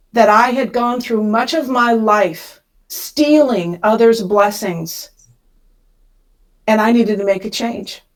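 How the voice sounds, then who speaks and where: A middle-aged woman from Kansas, a podcast guest telling a personal story with emotion, rushing when she relives the panic. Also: on the high side, poor audio.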